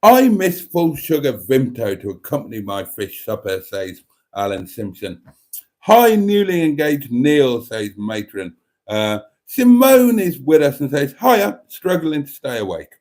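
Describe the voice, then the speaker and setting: In a sing-song, measured delivery, a man with a darkish, medium-pitched voice hosts a laid-back livestream. He reads viewers' comments aloud, peppering them with wry camp asides and frequent laughter.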